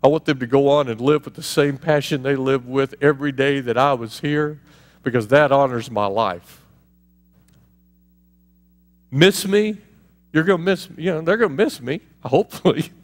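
Male pastor, animated and chatty, preaching in a reverberant church hall. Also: on the high side. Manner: animated, conversational preaching with laughs and asides. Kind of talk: sermon.

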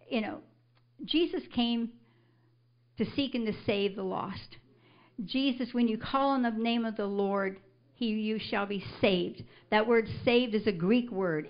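An older woman, a grandmother, telling a congregation her testimony, animated and breaking into loud declarations of scripture. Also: mid-range voice, highs cut off. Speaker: church member giving a testimony. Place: church service.

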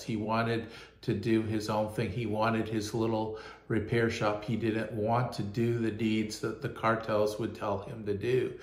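Male pastor giving testimony, low even voice, slow and halting, echoey room. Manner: earnest, halting, repeats words. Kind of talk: personal testimony.

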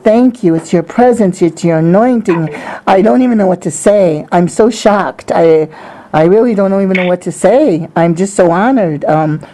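A woman's voice: mid-range voice, warm tone, poor audio. A woman prophetess giving emotional testimony to a congregation, rambling and effusive, with many restarts.

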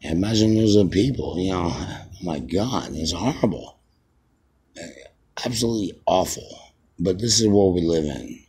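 A man in his fifties rambling as a self-styled radio host, halting with many fillers and restarts. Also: sits low, animated, mellow, husky. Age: 50s. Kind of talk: rambling mock radio broadcast.

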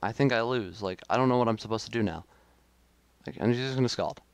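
Young male gaming creator, smooth clear voice, dry close sound, frustrated live commentary. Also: mid-range voice, fairly quick, no echo. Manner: frustrated, self-critical running commentary with sudden outbursts.

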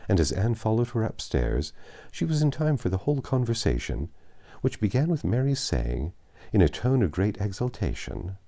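A man narrating a classic novel aloud in a measured, expressive reading. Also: on the low side, gravelly.

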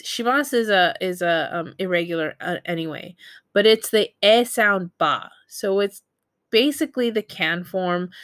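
A woman's voice: medium pitch, fairly bright tone, no echo, studio quality. A woman teaching a recorded Japanese grammar lesson, explaining in a casual way with many fillers and self-corrections.

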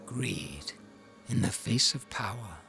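An actor voicing an ancient, sly male fey spirit who narrates in a gravelly voice with breathy, whispered words, speaking in an archaic, ominous manner. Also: lowish voice, lively intonation, heavily acted. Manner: archaic, ominous, slow and drawn-out. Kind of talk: scripted game narration. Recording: game audio with music behind.

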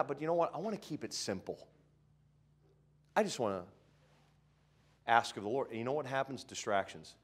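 A middle-aged man preaching a sermon in a church, conversational, swinging between loud pronouncements and muttered asides and acting out mocking quoted voices. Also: mid-range voice, very animated, normal speed, pauses often, slightly rough. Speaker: pastor. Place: church sanctuary.

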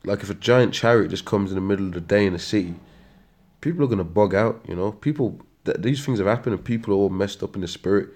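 A British man with a very low voice preaches in a loose, rambling way. He peppers his talk with slang and trips over words when he reads aloud. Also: quick pace, darkish tone. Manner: slangy, ends lines with "man" and "mate". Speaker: street preacher. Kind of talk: casual preaching monologue.

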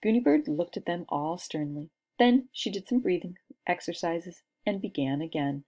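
A woman narrates a children's book with expressive storytelling. Her voice is low and mellow, with a lively, rolling melody. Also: moderate pace. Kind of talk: reading a children's book aloud.

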